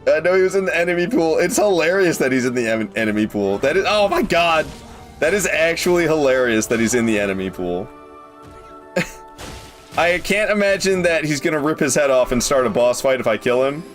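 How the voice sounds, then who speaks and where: A man giving casual live commentary on a game, excitable, swearing casually and talking to his chat. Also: a little high, brisk, faint music behind. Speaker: game streamer.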